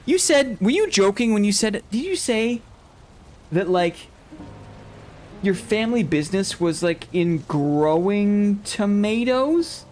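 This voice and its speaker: High-voiced rambling man chatting on stream. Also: big pitch swings, takes it slowly, a little mellow, a little hiss or hum. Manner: rambling, self-interrupting, laughs often. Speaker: streamer host. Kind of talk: casual chat while gaming, reading chat.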